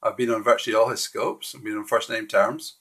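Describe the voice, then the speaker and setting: A man's voice: on the low side, fairly even intonation, brisk, a bit bright, slightly rough. A man hosting a casual live stream, walking through slides in a friendly, hesitant way with frequent restarts.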